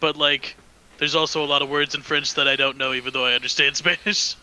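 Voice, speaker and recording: A man's voice: a little high, fairly even intonation, fast, bright, forceful tone, smooth, poor audio. A man playing a tabletop game, joking and playfully stubborn with the game master. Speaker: player. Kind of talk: casual tabletop game chat.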